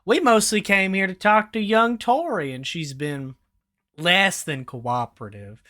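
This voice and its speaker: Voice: medium pitch, lively intonation, a little slow, pushed and bright. Game master voicing Don Dan, suave mafia boss. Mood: mock-regretful. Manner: suave, condescending, mock-polite. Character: smooth menacing male mafia boss wizard.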